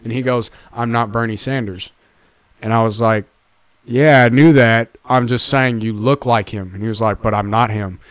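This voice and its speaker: A man's voice: medium pitch, normal speed, clear, resonant tone. A young man co-hosting a podcast, telling a story in casual, profane chat and acting out the people in it. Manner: profane, animated, mimics people in anecdotes. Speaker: podcast co-host.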